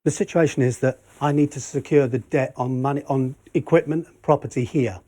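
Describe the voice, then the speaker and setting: This middle-aged enforcement officer explains an eviction to tenants on the job, polite but firm and apologizing often. He speaks in a mellow, mid-range voice with a steady tone and a brisk pace.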